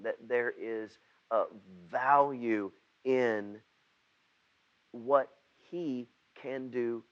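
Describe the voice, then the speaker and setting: A man preaching a sermon over video, speaking haltingly with frequent restarts and rising to emphatic outbursts. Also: medium pitch, dull audio. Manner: rises to emphatic outbursts when voicing Jonah. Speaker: pastor.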